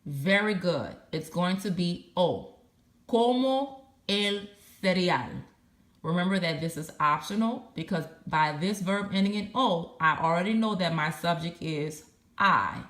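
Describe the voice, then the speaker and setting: A woman's voice: on the low side, unhurried, fairly bright tone, echoey room. A woman teaching a recorded Spanish lesson, patiently spelling out verb endings letter by letter.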